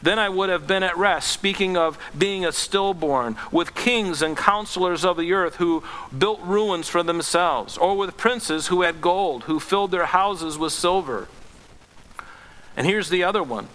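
A man preaching a sermon as pastor, earnest, swinging from impassioned pleading to low, gentle tones. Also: measured pace, big-room sound.

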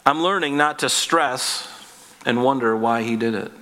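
Male pastor, earnest conversational sermon, bright tone, reverberant sanctuary. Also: mid-range voice, a little slow. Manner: earnest, conversational preaching with rhetorical questions.

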